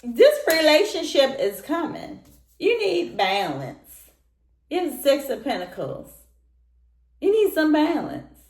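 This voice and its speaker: A woman's voice: high-pitched, wildly swooping pitch, takes it slowly. A woman giving a casual tarot reading, speaking straight to the listener and repeating her points. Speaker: tarot reader. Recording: roomy echoey room.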